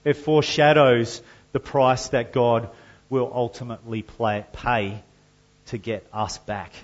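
A man preaching a sermon to his church, measured and earnest, with loud emphatic passages when he reads scripture. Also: medium pitch, steady tone, highs cut off. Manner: slow and deliberate, rising to loud emphatic scripture reading. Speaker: pastor.

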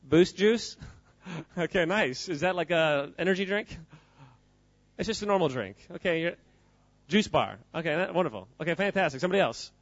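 A man's voice: a little high, lively intonation, normal speed, pauses often, no echo, lo-fi sound. A man giving an informal, joking talk to a live audience, quizzing the crowd as he goes. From United States. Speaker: speaker at a church gathering.

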